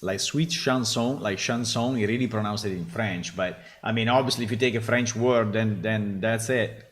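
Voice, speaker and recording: A man's voice: lowish voice, fairly even intonation, moderate pace. A man hosting a developer stream, judging voice samples casually and thinking aloud with many restarts. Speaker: game developer, host. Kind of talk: casual commentary.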